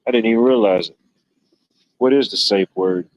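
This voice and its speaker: A man's voice: lowish voice, moderate pace, no echo, muffled recording. A man hosting a livestream in casual chat, rambling and joking, with "you know" sprinkled throughout. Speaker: livestream host.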